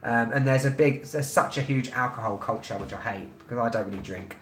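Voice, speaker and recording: A man in his thirties with a London accent, chatting bluntly and loosely on a travel live stream, pausing often with ums. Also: medium pitch, reverberant, poor audio. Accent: London English. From England. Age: 30s. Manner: rambling and blunt, heavy with ums. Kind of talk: casual live-stream chat.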